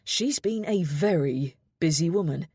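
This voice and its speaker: A woman voicing a brisk, matter-of-fact man in an audiobook. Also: deep voice, lively intonation, darkish tone, slightly rough, dry recording, studio quality, heavily acted.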